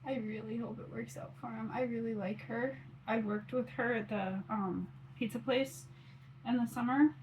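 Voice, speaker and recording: A woman's voice: on the high side, fairly even intonation, normal speed, a little mellow, muffled recording, slight background noise. A woman in her forties chatting casually on her phone camera while doing her makeup, rambling with lots of fillers. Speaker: mom vlogger.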